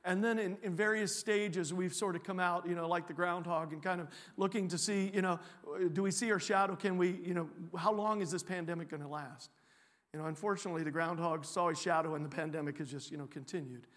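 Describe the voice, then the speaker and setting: A man giving a sermon as a guest preacher in a church, joking and animated, often restarting his sentences. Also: high-pitched, brisk, big-room sound. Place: church sanctuary.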